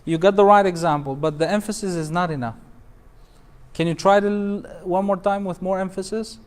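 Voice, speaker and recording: A man's voice: high voice, fairly even intonation, brisk, darkish tone, clear, resonant tone. A man, an imam, teaching a Quran recitation class, patiently explaining rules, quizzing students and chanting the verses melodically.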